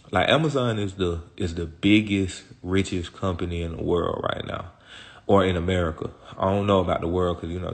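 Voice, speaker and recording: Low-voiced man in profane street talk. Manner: rambling, slang-heavy and profane, constant "you feel me". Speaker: interview guest.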